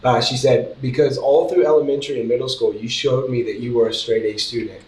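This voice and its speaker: Male parent on a discussion panel, mid-pitch, chatty, picked up from afar in a roomy space. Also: steady tone, brisk, darkish tone. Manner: storytelling, chatty, frequent "you know what I mean". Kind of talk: casual chat. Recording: echoey room, mic at a distance.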